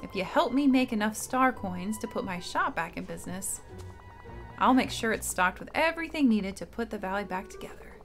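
A woman's voice: medium pitch, lively intonation, a little fast, soft background music, lightly acted. Scrooge McDuck, as a woman reads him. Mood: bargaining. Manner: reading game dialogue aloud, barely voicing it. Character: miserly old male duck shopkeeper.

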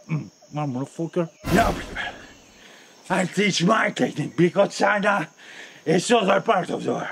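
A man's voice: high-pitched, lively intonation, normal speed, gravelly, a bit bright. A man in broken English doing a comic, swaggering martial arts demo outdoors, swearing constantly and counting out his moves. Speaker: martial arts show-off teaching a bear defense. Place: outdoors in nature. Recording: noisy outdoor camera audio. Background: crickets and insects.

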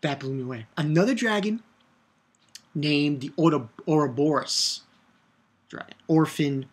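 Husky guy doing a rambly anime review, slow talker, gets hyped and swears a lot. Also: a little high. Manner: excitable, swears, shouts his own reactions; rambling with restarts and filler. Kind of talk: casual video review.

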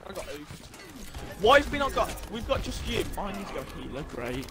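A man's voice: high voice, sing-song, over music. A man with a British accent grumbling and scolding his teammate during a team shooter game. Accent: British English. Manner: exasperated, scolding, quick to complain. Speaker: gamer teammate. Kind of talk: casual gaming banter.

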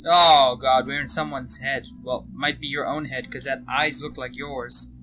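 A man's voice: mid-range voice, little pitch movement, normal speed, sharp tone, slight background noise, low-quality recording. A man hosting a gaming channel, chatting through a horror game in a joking way, talking back to the character and startling easily. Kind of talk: casual let's-play commentary.

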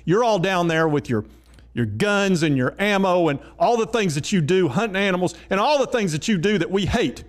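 A man's voice: high voice, lively intonation, moderate pace, voice pushed up. A man voicing a condescending male sensitivity trainer who lectures and takes offense easily. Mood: indignant.

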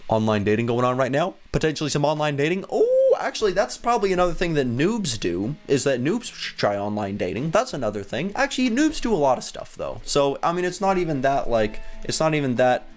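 Young man, gaming commentary, slightly high voice, excitable, laughs a lot, faint music behind. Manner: reads chat in a slow, dopey voice; excitable, laughs often, jumps higher when panicked. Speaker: gaming video host. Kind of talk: gameplay commentary.

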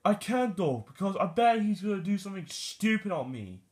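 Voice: medium pitch, sing-song, natural voice. A performer voicing a grumpy, fed-up plush shark that sighs and grumbles in a homemade plush video. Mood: grumbling. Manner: sighing, grumbling, slow. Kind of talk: plush toy puppet video.

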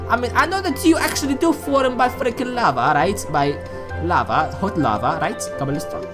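A woman giving casual let's-play commentary at her computer, excitable and chatty, often chatting to objects in the game. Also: mid-range voice, moderate pace, over music. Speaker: gaming channel host.

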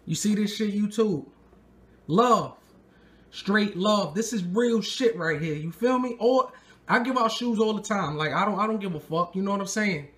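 A man hosting a sneaker unboxing vlog, excitable and slangy, talking straight to his viewers. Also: high-pitched, moderate pace. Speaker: sneaker vlogger.

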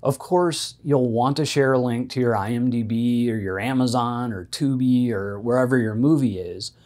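A man's voice: medium pitch, normal speed, darkish tone. A man who is an independent filmmaker, giving practical social media marketing tips straight to camera in a conversational way. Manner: conversational, practical, with casual fillers. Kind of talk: direct-to-camera advice talk.

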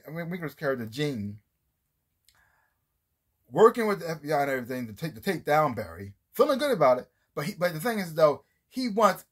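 Rambling casually about a TV series, a man with a husky voice on the high side often starts his sentences over. He acts out scenes as he retells them for his review.

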